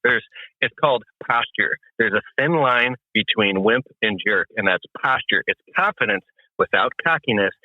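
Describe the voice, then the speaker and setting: A guest landscaping business coach gives sales advice over a tinny, dry phone line, speaking with confident emphasis. His fairly low voice is animated and moves at normal speed with no room sound. He's emphatic and acts out customer talk.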